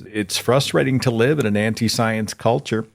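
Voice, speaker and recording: A man with an Oklahoman accent hosting a call-in show, animated and quick to laugh, his pitch jumping up when he makes a point. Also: gravelly. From Oklahoma, USA. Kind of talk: casual call-in talk.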